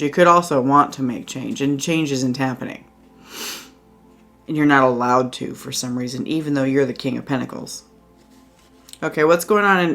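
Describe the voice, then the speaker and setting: A woman's voice: low voice, fairly bright tone. A woman giving a casual tarot reading at home, chatty and reassuring, with lots of fillers. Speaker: tarot reader. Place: indoors at home by a window.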